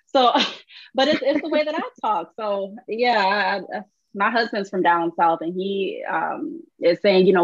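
A woman's voice: medium pitch, no echo, lo-fi sound. Woman podcast host with a Michigan accent. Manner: animated, quick storytelling with laughs. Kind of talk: casual interview chat.

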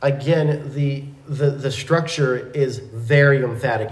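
A man teaching a verse-by-verse Bible lesson in a measured, methodical way, with small restarts. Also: medium pitch, reverberant, low-quality recording.

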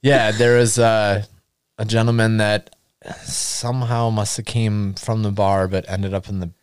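A man telling a story in casual chat, animated, laughing often and acting out quotes. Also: lowish voice, unhurried, clear, resonant tone, dry recording, studio quality. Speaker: podcast guest storyteller.

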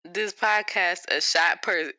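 Animated woman cohost, super bright voice, acts stuff out, dry sound. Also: fairly low pitch, slow pace, dry recording, poor audio. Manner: animated storytelling, acts out quotes. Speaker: podcast co-host. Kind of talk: casual chat.

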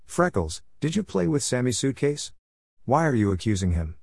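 Man voicing young boy, bossy, snippy, raised pitch, storybook. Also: big pitch swings, normal speed, vocal fry, a little mellow, breathy edge, dry recording, clean studio sound, full character voice.

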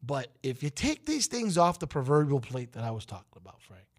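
A man's voice: medium pitch, big pitch swings, brisk. A man hosting a talk show, delivering an emphatic, preachy opinion monologue that rises to outbursts. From United States.

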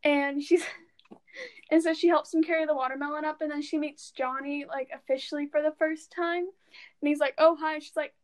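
A woman's voice: high-pitched, steady tone, normal speed. A young woman co-hosting a podcast in casual chat, giggling and acting out movie lines. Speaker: podcast co-host.

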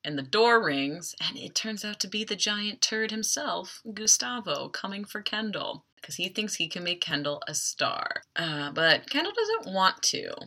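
A woman hosting a podcast, recapping a TV episode in a chatty, wry way with quick asides. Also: mid-range voice, sing-song, sharp tone. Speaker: podcast host.

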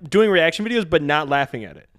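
A man co-hosting a podcast in casual chat, animated, laughing often and swearing freely. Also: on the high side, fast. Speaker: podcast co-host.

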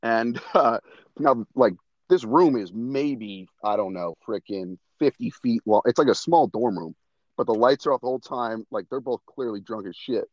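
A young man appears as a podcast guest, telling stories in casual conversation and breaking into laughter along the way. His voice is medium in pitch at a normal pace, with no echo but a lo-fi sound, and his manner is animated.

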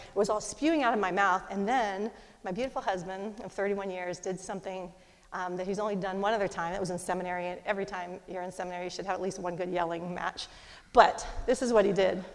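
A middle-aged woman telling a personal story in a fast, animated way, with lively voices for the people she quotes. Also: mid-range voice. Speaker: speaker. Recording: long hall reverb.

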